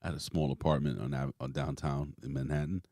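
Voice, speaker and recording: Very deep-voiced man rambling about wrestling. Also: fast talker, no room sound, studio quality. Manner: rambling, swears freely, animated storytelling. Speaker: podcast host. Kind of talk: casual wrestling chat.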